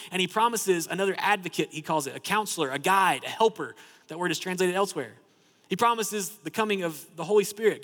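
A man with a high, quick voice delivers a sermon in a casual, chatty way, sprinkling in "like" and restarting phrases. His voice rings out in a church sanctuary with a long, trailing hall reverb. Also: a bit bright. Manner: conversational, fills with "like", repeats himself. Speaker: preacher.

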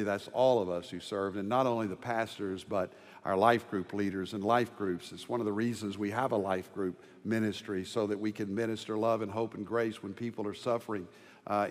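A man preaching a sermon as pastor, dropping to hushed tender lows and rising to loud ringing proclamation. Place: large church sanctuary. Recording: long hall reverb.

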